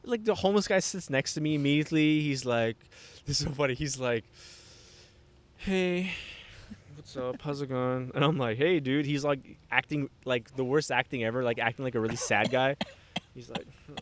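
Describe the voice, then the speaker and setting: A man's voice: medium pitch, normal speed. Rambling young man telling a story. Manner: rambling, animated, lots of fillers and self-restarts. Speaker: podcast guest. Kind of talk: casual storytelling chat.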